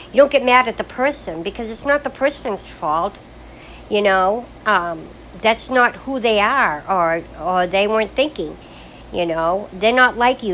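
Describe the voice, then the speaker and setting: A woman's voice: mid-range voice, a bit bright, slight background noise, rough recording. An older woman talking frankly in a rambling, casual monologue about her life, full of restarts. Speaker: grandmother sharing life stories.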